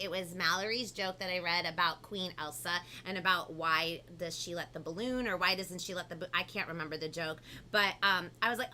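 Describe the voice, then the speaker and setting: A woman hosting a children's live stream, talking in a bubbly, animated way and reading out viewer comments. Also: mid-range voice. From family from Peru. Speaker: host of a live kids' show. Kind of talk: upbeat live-stream chat.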